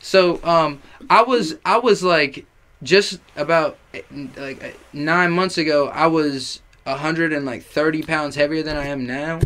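A young man with a slightly high voice tells a story as a guest on a casual podcast. He is animated and foul-mouthed, and his delivery jumps around and is full of fillers. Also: unhurried.

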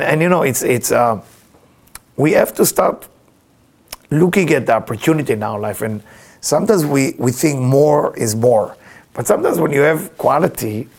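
Gravelly, husky male teacher, lively swooping delivery, chuckling storyteller. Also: mid-range voice. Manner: animated, chuckling storyteller with broken English. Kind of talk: storytelling spiritual lesson.

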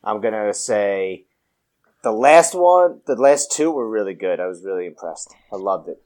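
A man's voice: lowish voice, expressive, moderate pace, a little mellow. Blunt guy cussing and teasing his friends on a podcast. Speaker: podcast co-host. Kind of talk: casual chat.

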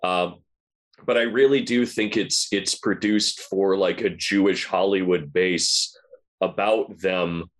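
A man cohosting a podcast in casual chat, making sardonic jokes with a deadpan edge. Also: deep voice, slow pace.

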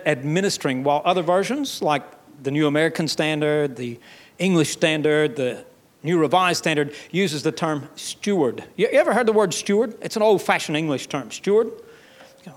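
A man preaching a sermon in an emphatic, folksy way, with a Southern US accent, his voice climbing into loud passages. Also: a little high, expressive, fairly quick. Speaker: pastor.

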